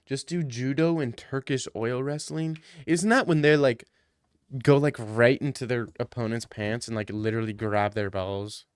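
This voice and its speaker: A man's voice: mid-range voice, fairly even intonation, moderate pace, clean tone, no echo. Joking male streamer, dry room. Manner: joking, mock-ranting. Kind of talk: casual chat answering viewer questions.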